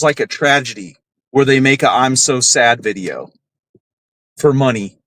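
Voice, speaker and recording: A man with a slightly high, bright voice hosts a podcast in a dry recording. He rants heatedly, curses often, and keeps punctuating his points with "right?" in a casual, profane way.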